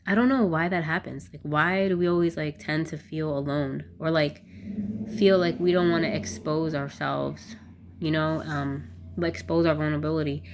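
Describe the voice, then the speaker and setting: Low-pitched woman vlogging, candid and rambly, says "like" a lot. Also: steady tone, moderate pace, a little hiss or hum. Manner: candid, rambling, lots of "like" fillers. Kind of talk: casual talk to camera.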